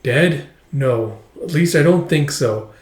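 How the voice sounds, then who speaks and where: Cryptic old space explorer voiced by a man, slow formal delivery, slightly raised pitch, echoey room. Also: lively intonation, a little mellow. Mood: dreamy.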